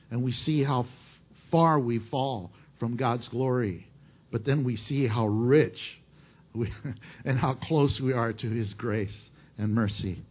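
A man's voice: mid-range voice, breathy edge, highs cut off. A man preaching a sermon, emphatic and full of rhetorical questions to the congregation. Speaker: pastor.

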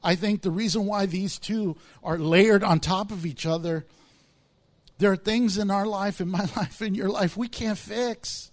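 A man's voice: high voice, unhurried. A man preaching a sermon, explaining words from the text and acting out the voices of people in the story. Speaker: pastor.

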